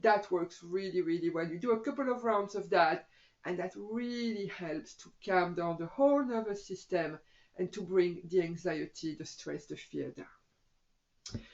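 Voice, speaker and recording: A woman's voice: on the low side, measured pace. Middle-aged woman, yoga teacher, casual chatty delivery to camera; muffled lo-fi recording. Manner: chatty, says "you know" a lot.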